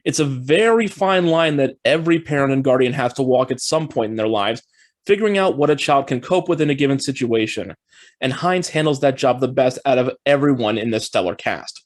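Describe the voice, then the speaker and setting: A man hosting his own film review channel, talking in an upbeat, steady and explanatory way as he reads through a scripted review. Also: mid-range voice, fairly quick.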